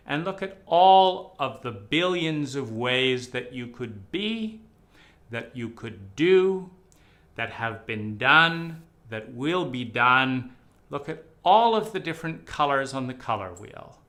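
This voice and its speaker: A man giving a slow, sarcastic talk, with sudden emphatic bursts between deliberate phrases. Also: mid-range voice, animated. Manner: sarcastic, mocking with dramatic swings in loudness. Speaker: speaker on psychedelics. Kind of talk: lecture-style monologue.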